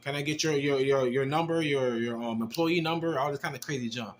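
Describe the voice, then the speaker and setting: A man casually telling a personal testimony, animated and slangy, with rough language as he acts out the exchanges he describes. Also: mid-range voice, brisk, slight background noise. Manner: animated, slangy and profane, acting out quoted exchanges. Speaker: storyteller giving a personal testimony.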